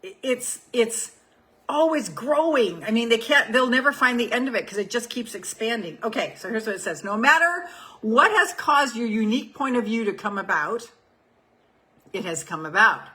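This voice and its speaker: A woman's voice: mid-range voice, lively intonation, measured pace, sharp tone, low-quality recording. A woman in her seventies, a life coach, talking casually on a group call and reading affirmation cards, frank and given to repeating her points. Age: 70s. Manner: frank, swears freely, repeats phrases for emphasis.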